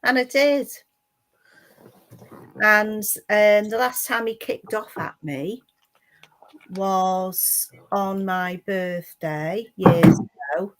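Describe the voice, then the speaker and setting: A woman co-hosting a casual live-stream chat, agreeable and telling a personal story in an unhurried way. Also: mid-range voice.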